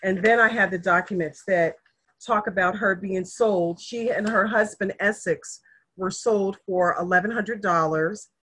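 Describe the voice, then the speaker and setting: A somewhat slow, slightly rough mid-range voice belongs to a middle-aged woman who is a guest in an easygoing conversation. Earnest and emotional, she relates her family history and acts out the people she quotes with animation.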